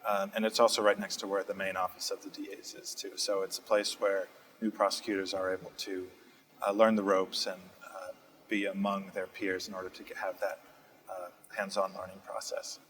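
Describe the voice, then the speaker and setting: A young man speaks in a low, fairly flat voice. He answers interview questions steadily and thoughtfully, stopping often on "uh" as he picks his words. He is being interviewed in a community TV studio. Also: moderate pace, poor audio. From Massachusetts. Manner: steady, thoughtful, frequent "uh" fillers. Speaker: state representative guest.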